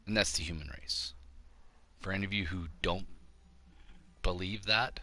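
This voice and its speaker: A middle-aged man hosts his own show and delivers a combative monologue straight into the mic. His voice sits very low, with a hard, sharp, tense edge. He lectures bluntly and preaches at his listeners. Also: a little slow, pauses often. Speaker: show host. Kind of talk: ranting opinion monologue.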